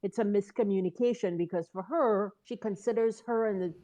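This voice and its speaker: A woman's voice: mid-range voice, brisk, dark tone, dull audio. A woman co-hosting a podcast who chats casually and backs up her partner with short agreements. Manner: agreeable, adds short affirmations. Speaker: podcast co-host. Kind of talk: casual recap chat.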